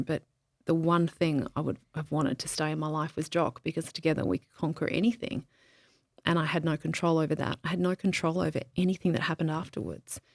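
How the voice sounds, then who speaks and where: A grieving woman speaking candidly as a podcast guest in a reflective interview, searching for words with pauses and restarts. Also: low voice, dry recording, clean studio sound.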